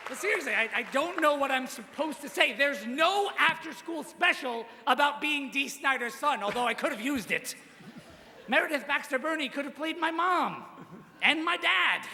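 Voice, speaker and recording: A young man with a very high, bright voice delivers a crude, self-deprecating roast from a stage mic in a large hall. His voice carries a long reverb tail, with faint ambience behind it. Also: slight background noise. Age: young adult. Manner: crude, self-deprecating jokes with rising shouted punchlines. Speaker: roast speaker. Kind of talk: stand-up roast set. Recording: live hall recording with reverb.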